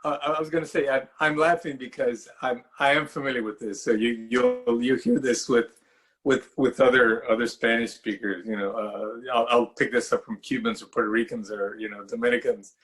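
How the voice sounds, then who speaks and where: A man hosting a relaxed interview, his voice in a middle register. He laughs often and adds quick, friendly remarks between the guest's stories. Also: medium pitch. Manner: laughs often, short encouraging replies. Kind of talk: casual chat.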